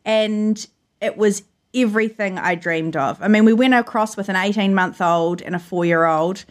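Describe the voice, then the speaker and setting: A woman's voice: medium pitch, normal speed. A woman, a journalist telling personal stories in an earnest, emotional way during an interview from her home. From New Zealand. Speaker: journalist guest. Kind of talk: remote interview, personal storytelling.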